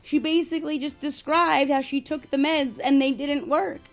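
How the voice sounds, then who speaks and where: A woman co-hosting a reaction video, talking loudly and bluntly, quick to give her opinions. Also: high-pitched, fairly even intonation, soft background music. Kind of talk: casual reaction chat.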